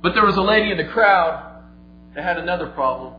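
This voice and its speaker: A man preaching a sermon, retelling a story vividly, moving between quiet and emphatic delivery. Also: high-pitched, animated, brisk. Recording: echoey, slightly dull, faint music.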